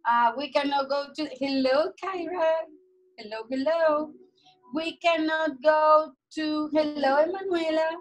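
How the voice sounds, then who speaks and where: A woman teacher, leading an online class for young children from home over a video call, greeting each child in a slow, sing-song way. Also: high voice, fairly even intonation, soft background music. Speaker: preschool teacher.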